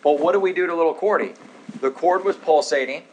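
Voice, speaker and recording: A man in his thirties lectures a live class in a slightly higher voice, tossing out sarcastic jokes and asking the room questions. Faint room noise sits under his voice. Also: a little fast, highs cut off. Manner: joking, sarcastic asides to the audience. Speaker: chiropractor teaching a health class. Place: office classroom.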